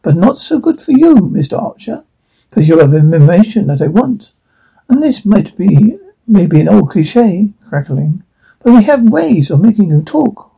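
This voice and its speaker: A reader voicing a smug male interrogator with an overdone fake Russian accent, high and theatrical. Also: big pitch swings, gravelly, mellow, husky, exaggerated voice, rough recording. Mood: smug, menacing. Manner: hammy fake Russian accent, drawn-out phrasing.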